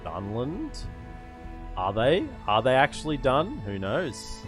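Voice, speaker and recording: A man's voice: mid-range voice, wildly swooping pitch, slow pace. A man casually commentating his strategy game as he plays, thinking aloud and amusing himself. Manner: rambling, self-amused, thinking aloud. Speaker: gaming streamer. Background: game music.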